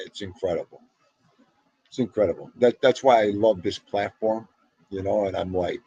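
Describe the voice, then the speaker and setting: This middle-aged livestream host, North Jersey accent and Italian-American slang in tow, greets viewers by name while rambling animatedly through chat. His fairly low, slightly rough voice keeps a moderate pace on a dry, dull recording.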